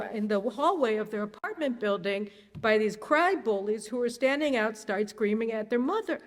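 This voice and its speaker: A woman speaks to a crowd from a stage, and her fairly high voice rings out with a long reverb tail in a large hall. She talks in an animated, sarcastic way, stumbling into restarts and then driving her points home with rising indignation. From United States. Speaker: guest speaker. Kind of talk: public talk. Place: synagogue hall.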